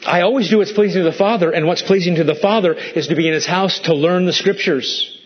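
A male pastor preaching with a fairly high voice and a lot of emphasis. He presses his listeners with rhetorical questions and lifts his voice to act out quoted lines. The recording sounds dull and lo-fi. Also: quick pace. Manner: acts out quoted lines in a raised voice. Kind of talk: sermon.

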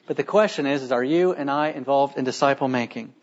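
A man's voice: medium pitch, fast talker. A man preaching a sermon as pastor, earnest and emphatic, asking the listeners rhetorical questions. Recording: dull lo-fi sermon recording.

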